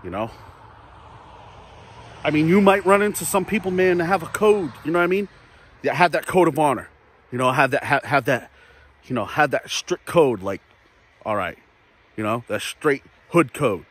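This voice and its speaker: A man's voice: fairly high pitch, expressive, normal speed, pauses often, breathy edge. A man ranting casually to camera in a vlog, profane, rambling and repetitive. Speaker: vlogger.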